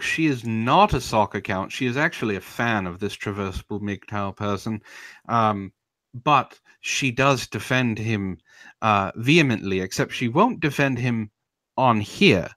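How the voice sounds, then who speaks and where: A man's voice: medium pitch, lively intonation, measured pace, fairly bright tone, no echo. A man hosting a live stream, ranting in a confrontational, taunting way and answering chat, admitting he is getting heated.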